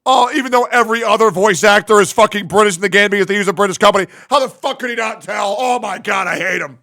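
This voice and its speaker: A man's voice: sits high, quick pace, creaky, bright, forceful tone. A man streaming and reacting to a video, talking in a sarcastic, mocking, crude way. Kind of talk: casual stream commentary.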